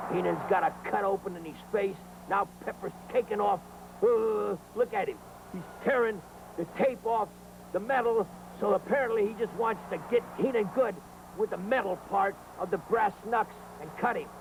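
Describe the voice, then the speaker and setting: A man hosting a classic wrestling highlights show, giving hyped play-by-play over old footage and talking straight to the fans. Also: noisy background. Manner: hyperbolic showman, talks straight to the fans; breathless exclamations and hype.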